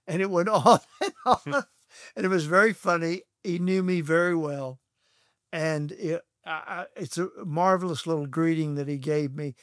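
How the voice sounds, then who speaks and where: An older man from Texas, a guest on an interview show, telling stories from his past in an unhurried, anecdotal way. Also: on the high side, no room sound, studio quality. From Texas, USA. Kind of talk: reminiscing storytelling.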